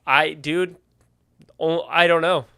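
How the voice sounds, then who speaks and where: Slow-talking woman game player. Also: low voice, fairly even intonation, bright, forceful tone, smooth, dry recording. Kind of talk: casual chat.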